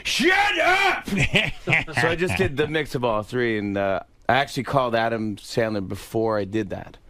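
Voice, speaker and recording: Animated male comedian telling stories. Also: fairly low pitch, fairly quick. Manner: animated storyteller, jumps into impressions, laughs often. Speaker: comedian guest. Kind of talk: casual radio interview chat.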